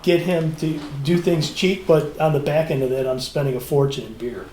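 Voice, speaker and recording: A man's voice: a little high, normal speed, echoey room, slight background noise. A man in casual podcast chat, telling a story and acting out the people in it. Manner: storytelling, animated quoting of others. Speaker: podcast co-host.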